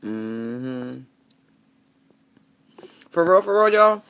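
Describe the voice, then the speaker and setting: A woman's voice: a bass voice, very animated, extremely slow, a bit bright, smooth. A woman giving a casual tarot reading, talking bluntly and frankly and laughing often. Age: adult parent. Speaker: tarot reader.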